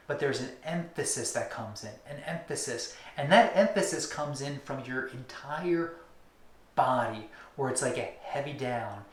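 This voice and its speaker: A man with a slightly raised pitch teaching a hands-on technique, pacing his speech in slow, rhythmic repetitions that sink to near-whispers. He explains patiently in an instructional demonstration style. The sound carries a noticeable room echo. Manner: rhythmic, drawn-out emphasis, drops to near-whispers on repeated words. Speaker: acupuncture teacher.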